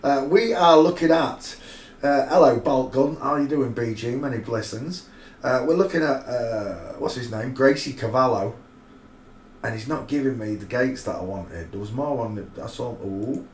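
A man's voice: medium pitch, normal speed. A man hosting a live stream, giving rambling, mocking commentary full of crude asides. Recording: roomy echo, faint noise.

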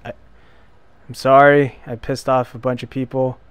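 A young man giving casual let's-play commentary, self-deprecating, with loud frustrated outbursts. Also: medium pitch, level tone, normal speed, smooth, dry recording. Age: young adult. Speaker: gameplay commentator.

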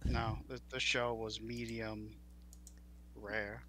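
A man's voice: fairly low pitch, flat delivery, slow pace, sharp tone, a little hiss or hum. A young man co-hosting a casual podcast, ranting in exasperation and stammering when worked up. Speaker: podcast co-host.

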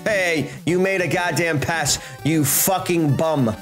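A man hosting a gaming channel, ranting and swearing through his gameplay commentary, swinging between shouting and muttering. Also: on the high side, slow pace, faint music behind.

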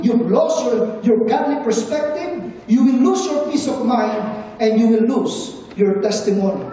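Pastor giving a sunday sermon, mellow earnest voice, lots of questions to the crowd, far off mic, super echoey hall, faint hiss. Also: mid-range voice. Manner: earnest, asks the congregation questions. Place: church service in a large hall.

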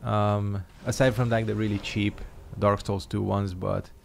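Gravelly-voiced man swearing through gameplay. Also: fairly low pitch, little pitch movement, measured pace, a little hiss or hum. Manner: swearing, sarcastic, frustrated outbursts. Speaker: gaming YouTuber. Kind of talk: casual gameplay commentary.

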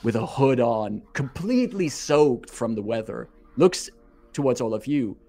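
A man as game master, narrating a tabletop game with vivid, unhurried scene-setting description. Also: mid-range voice, animated, dark tone.

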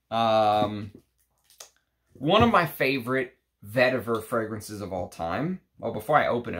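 Slow-talking Texan man unboxing perfume. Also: medium pitch. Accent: Texas. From Texas. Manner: slow, rambling, talks to the bottles. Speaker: perfume channel host. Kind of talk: casual unboxing vlog.

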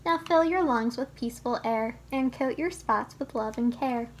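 Brief: a woman reading a children's book aloud, gentle and instructive, with a bright, high voice. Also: normal speed, a little hiss or hum. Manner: gentle, teaching tone, speaks to the child listener. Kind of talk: storybook read-aloud.

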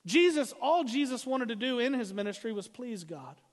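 A man preaches from the pulpit in a high, ringing voice. He leans hard into his points and slows down to read the scripture. The sound carries the long reverb of a church sanctuary. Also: very animated. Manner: emphatic preaching, slowing for scripture readings. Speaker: pastor. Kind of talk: sermon.

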